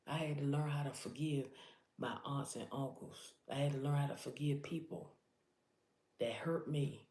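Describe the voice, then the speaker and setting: A woman's voice: deep voice, warm tone. Woman preaching urgently in an echoey room. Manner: urgent, repetitive, addresses listeners directly. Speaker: motivational preacher. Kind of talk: impassioned preaching vlog.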